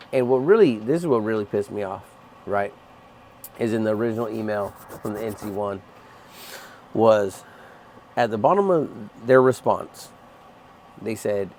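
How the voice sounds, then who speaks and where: Navy chief venting on camera, a low-pitched man, heated and blunt, with faint noise behind him. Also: lively intonation, moderate pace, long pauses, darkish tone. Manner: angry, profane, emphatic. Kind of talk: heated vlog rant. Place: aboard a ship at sea.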